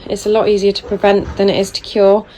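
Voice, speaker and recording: Lady dog trainer, phone in one hand, hand feeding her puppy, mid pitch, soft praise muttered now and then, bit of faint hiss. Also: completely flat delivery, quick pace. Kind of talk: casual instructional talk. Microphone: phone held in hand.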